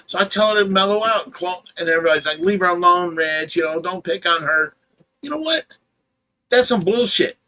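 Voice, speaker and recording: Ohio man, fish rescue host, higher pitch, edgy and bright, tired, defensive, blunt. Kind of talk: casual livestream chat.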